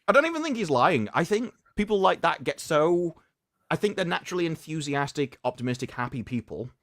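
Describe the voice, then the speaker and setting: A man's voice: a little high, big pitch swings, fairly quick, a bit bright, no echo, studio quality. Rambling man in a casual stream chat. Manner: rambling, stammers on repeated words, chuckles.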